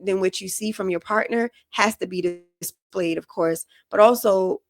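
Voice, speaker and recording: A woman's voice: medium pitch, normal speed, no room sound, clean studio sound. A woman hosting a podcast, giving relationship advice in a frank, casual way and often checking that listeners follow her. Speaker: podcast host.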